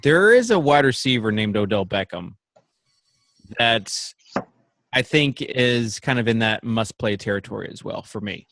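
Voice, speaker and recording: A Southern-accented man leads a casual sports podcast, ribbing his co-hosts in easy banter. His voice sits at a middle pitch and sounds dry and close, with no room behind it. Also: lively intonation, moderate pace, fairly bright tone, no room sound. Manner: playful, teasing. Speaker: podcast host. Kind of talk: casual chat. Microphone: remote call.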